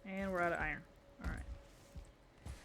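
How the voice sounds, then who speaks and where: A woman's voice: lowish voice, steady tone, unhurried, fairly bright tone, a little hiss or hum. A woman streamer chatting casually with her viewers and talking to herself as she builds in a game, playful and rambling. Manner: chatty, talks to herself and chat, playful muttering.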